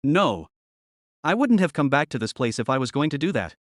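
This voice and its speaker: Fast-talking male story narrator. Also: on the high side, very animated, dry recording, studio quality.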